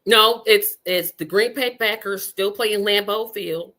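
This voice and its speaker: A woman in her fifties from Indiana, hosting a podcast in a casual, animated, emphatic way, often repeating herself for effect. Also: medium pitch, unhurried. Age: 50s. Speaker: podcast host. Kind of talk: casual chat.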